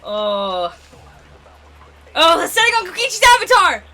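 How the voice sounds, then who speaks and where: A young woman hosting a let's play, reacting out loud in an excitable way. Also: very high voice, a little slow, a little hiss or hum. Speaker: gaming video host.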